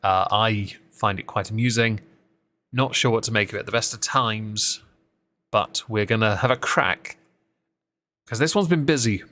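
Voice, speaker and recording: A man's voice: lowish voice, moderate pace, long pauses, bright, forceful tone. A man hosting a casual live-stream commentary, talking with dry, sarcastic asides and frequent ums as he greets chat and reads through posts.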